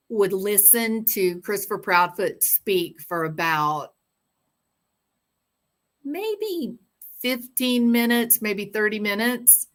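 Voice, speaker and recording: A woman's voice: mid-range voice, lively intonation, slow, long pauses. A woman hosting a true-crime livestream, chatting casually and reading viewer comments with sarcastic, rambling asides.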